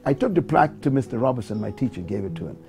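A man's voice: mid-range voice, animated, racing, creaky, music in the background. A man from the Bahamas with a Bahamian accent, telling a life story as a talk-show guest and building to preacherly exhortation. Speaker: guest speaker.

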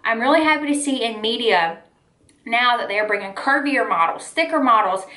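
Young woman, casual confessional vlog, talkative and frank, slightly high voice, roomy sound. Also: animated, a little fast, pushed and bright. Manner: candid and chatty, full of "like" and "y'all". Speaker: lifestyle vlogger. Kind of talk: casual heart-to-heart talk to camera.

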